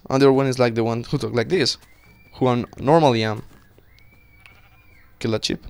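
A young man giving casual, excitable commentary while playing a game, swearing and talking to himself. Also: mid-range voice, normal speed, gravelly, long pauses, clear, resonant tone. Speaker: gaming channel host.

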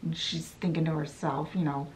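A woman's voice: low voice, level tone, moderate pace, a little mellow, a little hiss or hum. A woman casually summarizing a book in a meandering way, with lots of fillers. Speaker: book vlogger.

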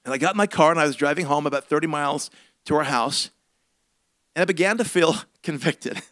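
Man preaching, high bright voice, dry close sound, comic storytelling, swings loud to hushed. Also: fairly quick, no room sound. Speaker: senior pastor. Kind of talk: storytelling sermon.

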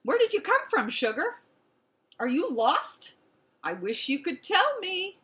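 A woman reading aloud and voicing a kind, motherly woman who takes in a lost dog, speaking gently and sweetly. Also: extremely high pitch, very animated, unhurried, voice pushed up, heavily acted. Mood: gentle. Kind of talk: storybook read aloud.

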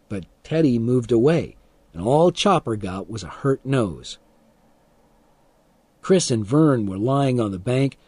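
A man reading a first-person story aloud as an audiobook narrator, calm and expressive, for English learners. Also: medium pitch, breathy edge, dry recording.

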